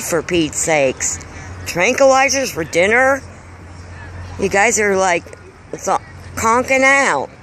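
A woman visiting a zoo who coaxes the animals, repeating herself and talking to them like children. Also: medium pitch. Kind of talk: casual chatter to zoo animals. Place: busy zoo, outdoors and in animal houses. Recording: crowd noise and loud background hum.

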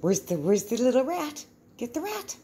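A woman's voice: on the high side, sing-song, normal speed, mellow, slight background noise. A woman talking baby talk to her pets at home, coaxing them in a cooing sing-song and laughing often. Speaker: pet owner filming her pets. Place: home indoors.

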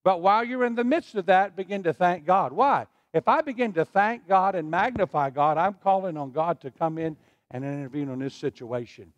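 High, lively-voiced preaching pastor. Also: male voice, normal speed, no room sound, highs cut off. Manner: preaching with call-and-response to the congregation. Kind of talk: sermon. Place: church sanctuary.

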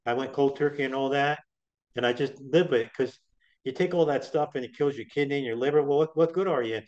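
In a dull, lo-fi recording, a middle-aged interview guest rambles casually through his story, often starting sentences over. He speaks quickly in a mid-range, slightly mellow voice.

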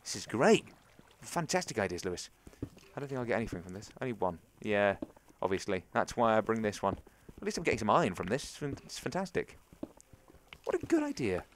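Animated young man rambling over gameplay. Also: fairly low pitch, fairly quick, slight background noise. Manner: chatty, rambling, talks to viewers and game mobs. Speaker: gaming channel host. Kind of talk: let's play game commentary.

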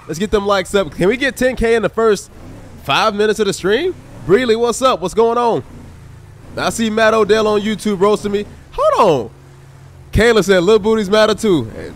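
A man's voice: sits high, a little fast, a little hiss or hum. A man livestreaming a police game, joking around and thanking viewers in the chat. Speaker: gaming livestreamer. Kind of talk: live game commentary and chat shout-outs.

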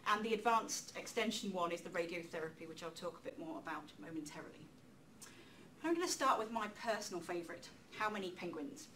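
A woman giving a public talk in a lecture room, lively and chatty, with self-deprecating asides. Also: on the low side, brisk. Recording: distant mic with faint room noise.

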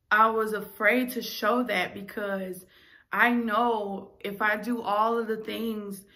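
A woman's voice: fairly high pitch, bright, forceful tone. A young adult woman, a singer and vlogger, telling a candid, emotional personal story straight to her viewers.

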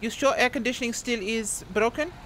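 A woman's voice: fairly high pitch, fairly quick, background noise, lightly acted. A woman voicing a bossy female Russian drug-van driver with a put-on Russian accent, speaking in blunt, broken English and short commands. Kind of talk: role-play in a driving game.

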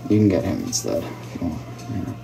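A man's voice: low voice, big pitch swings, brisk, creaky, dark tone, soft background music. A man hosting a casual livestream, chatting and joking with viewers as he reads their comments. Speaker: livestream host. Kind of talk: casual live chat reading viewer comments.

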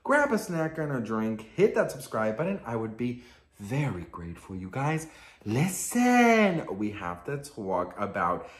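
A man hosting a casual pop culture gossip vlog in a sassy, excitable style. He swears a lot and keeps calling the viewer "girl.". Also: on the low side, normal speed, echoey room.

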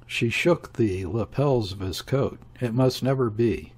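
A man narrating a classic novel in a measured, steady reading. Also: mid-range voice. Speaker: audiobook narrator.

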